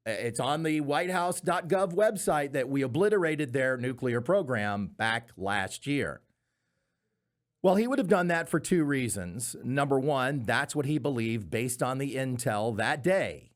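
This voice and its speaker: A man hosting a comedy commentary podcast, arguing his points with sarcastic, mocking asides. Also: mid-range voice. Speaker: podcast host.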